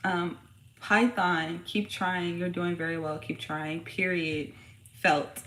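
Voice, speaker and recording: A woman's voice: on the low side, level tone, slow, a bit bright. Casual, profane woman tarot reader, roomy. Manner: casual, profane, slangy and hyped-up. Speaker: tarot reader and channel host. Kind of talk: casual tarot reading livestream chat. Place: home room with her young son nearby. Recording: roomy echo with faint background noise.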